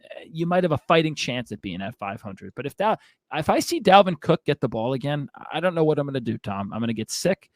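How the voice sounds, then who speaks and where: A man's voice: a little high, sing-song, fairly quick, no room sound. A man hosting a fantasy football show, ranting heatedly and with exasperation to his co-host. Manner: fired-up, exasperated ranting with frequent asides. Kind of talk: heated sports rant to a co-host.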